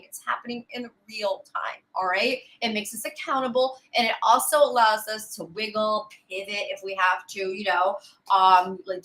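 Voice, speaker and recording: A woman's voice: mid-range voice, pushed and bright, poor audio. A woman hosting a weather live stream, chatting casually, greeting viewers by name and laughing often. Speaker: weather livestream host.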